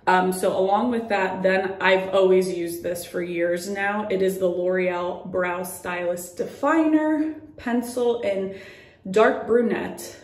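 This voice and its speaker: A woman's voice: medium pitch, fairly even intonation, slow pace, reverberant. A young woman chatting through a makeup tutorial at home, a bit out of breath and full of fillers as she demonstrates. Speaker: beauty vlogger. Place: at home by a mirror.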